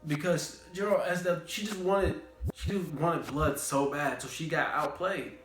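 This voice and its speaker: A man's voice: on the high side, moderate pace, noisy background. Young man recapping an anime, slangy. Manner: slangy, animated, repeats catchphrases. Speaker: anime reviewer. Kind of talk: casual anime recap vlog. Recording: roomy room, faint background music.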